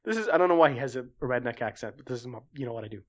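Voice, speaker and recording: A reviewer talking through a show in a casual, rambling way, swearing freely and turning sarcastic, their voice climbing higher as they get worked up. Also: rapid-fire. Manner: animated, pitch climbing when worked up.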